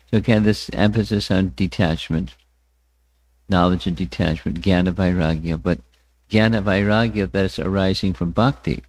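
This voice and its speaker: A man teaching a scriptural class, speaking deliberately, often repeating words and chanting verses with his listeners. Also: deep voice, steady tone, darkish tone, no room sound. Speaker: spiritual teacher. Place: temple hall.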